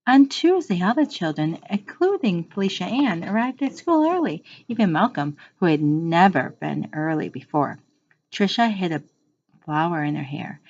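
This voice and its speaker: A woman reading a children's book aloud to a class like a teacher, unhurried, pausing to explain words and correcting her slips. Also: lowish voice, sing-song, a little mellow. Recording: muffled lo-fi recording.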